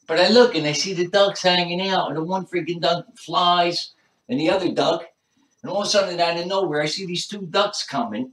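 This is a New man doing stand-up, a rambling storyteller who keeps circling back to the same points. His voice sits a little high and sounds bright and forceful. It carries through an echoey room from a step back off the mic. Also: brisk, far from the mic. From New Jersey. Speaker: comedian.

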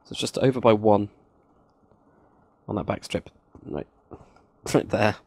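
A man's voice: on the low side, steady tone, slow, gravelly, darkish tone, dry recording. A man hosting a casual building tutorial, counting blocks aloud with chatty, self-mocking asides. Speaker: game tutorial host.

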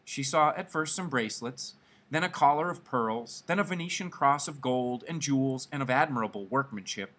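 A man reading a classic short story aloud, in an expressive, dramatic manner. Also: mid-range voice, normal speed. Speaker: story reader.

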